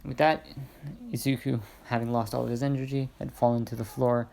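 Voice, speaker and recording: Young male hobby narrator; gravelly, casual, hesitant reading with asides. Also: mid-range voice, level tone, a little fast, a little mellow, slight background noise. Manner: rambling asides, hesitant fillers. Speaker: fan fiction narrator.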